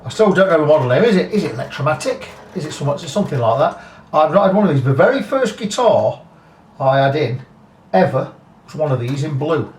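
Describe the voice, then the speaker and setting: This guitar tech speaks quickly in a high-leaning, slightly mellow voice with big pitch swings as he casually walks through a setup, thinking aloud and making frank asides. The roomy workshop recording comes from a distant mic, with faint music and a little hiss or hum.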